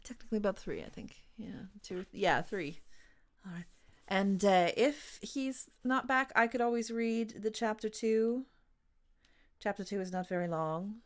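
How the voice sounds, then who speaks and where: A woman's voice: medium pitch, measured pace. Chatty Canadian woman hosting a livestream. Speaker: livestream book launch host. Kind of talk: casual apologetic chat.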